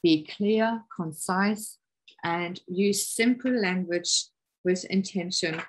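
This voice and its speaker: A middle-aged woman giving a parenting webinar over a video call, calm and encouraging, explaining with everyday examples. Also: fairly low pitch, slow, low-quality recording. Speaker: parenting workshop presenter. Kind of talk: webinar presentation.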